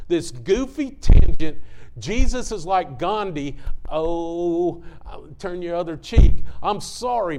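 A middle-aged man with a drawl preaches with fervor, his voice sitting a little high for a man. He talks in a folksy way and keeps breaking off to say sorry for his own tangents. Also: darkish tone. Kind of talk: sermon.

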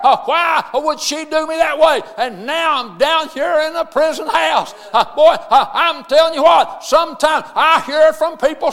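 Male pastor, high voice, shouts the sermon, halting "uh" delivery, echoing church. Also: vocal fry. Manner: shouted emphatic preaching, frequent "uh" fillers. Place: church sanctuary. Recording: long reverb of a church hall.

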